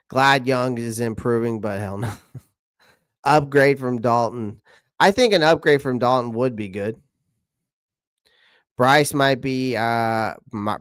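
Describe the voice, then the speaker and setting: Man, live-stream host, mid pitch, smooth voice, dry close sound, loose and chatty. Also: no room sound. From South Carolina. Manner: chatty, repeats himself, reads viewer comments aloud. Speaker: channel host answering live chat. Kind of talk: casual live-stream chat.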